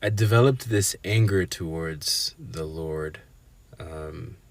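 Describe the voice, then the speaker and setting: Podcast host, man in his twenties, very low voice, hesitant and candid delivery with lots of pauses. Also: vocal fry, dry recording. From Zimbabwean family. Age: 20s. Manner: hesitant, many ums and restarts, candid. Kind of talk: reflective solo podcast talk.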